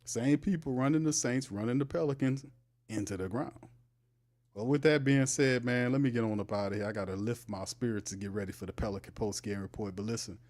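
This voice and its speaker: A man's voice: mid-range voice, brisk, darkish tone. A man hosting a sports livestream, talking casually and animatedly, teasing his chat and laughing often. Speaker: sports show host.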